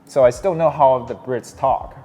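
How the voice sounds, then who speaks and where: A man's voice: mid-range voice, moderate pace, soft background music. A young man, a startup founder, telling his story in a casual interview with lots of restarts and fillers. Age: young adult. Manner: animated, many restarts and fillers. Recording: long hall reverb, faint noise.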